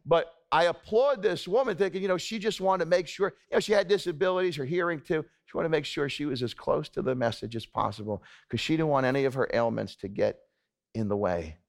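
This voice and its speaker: A male pastor delivers a sermon from the pulpit. His voice sits a little higher than most men's. He preaches in a loose, conversational way and keeps checking in with the congregation. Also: brisk, vocal fry. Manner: conversational preaching with frequent "okay?" asides to the congregation.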